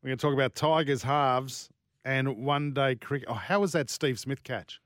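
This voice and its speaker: A man hosts a sports radio show from a studio, with a dry, close studio-mic sound. His voice sits at a middle pitch for a man. He talks in a brisk way and teases his co-host. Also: fairly bright tone, dry recording. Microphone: studio microphone.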